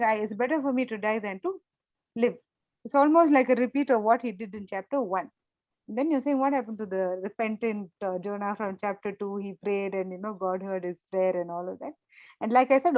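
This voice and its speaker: A woman's voice: fairly high pitch, no room sound, poor audio. A woman leading a church Bible study, explaining scripture in a conversational way and often checking in with the group. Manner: conversational, repeats points, asks the group questions.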